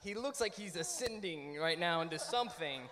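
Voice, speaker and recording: A man on a discussion panel, telling a personal story in a casual, animated way with lots of fillers and restarts. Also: fairly high pitch, moderate pace, big-room sound, noisy background. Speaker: panel guest.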